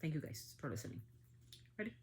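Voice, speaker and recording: A woman's voice: quick pace, slight background noise. A middle-aged woman hosting a family podcast, talking with anger and emphatic outbursts. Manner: angry, emphatic, with surges of loudness. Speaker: podcast host. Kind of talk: emotional commentary.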